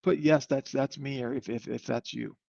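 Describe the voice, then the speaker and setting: Salesy guy walking people through a software demo live, kinda rambly, dull dry computer mic. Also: mid-range voice, steady tone, moderate pace, vocal fry, no room sound. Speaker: webinar host demoing software. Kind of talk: live online product demo. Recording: slightly muffled dry audio.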